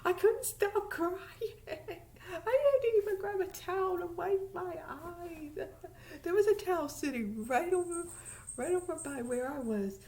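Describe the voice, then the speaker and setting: Woman vlogger, high voice, casual and animated, emphatic repeats, occasional whispers. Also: unhurried. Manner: drops to a whisper at times. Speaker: vlogger reviewing a TV series. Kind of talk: casual chat.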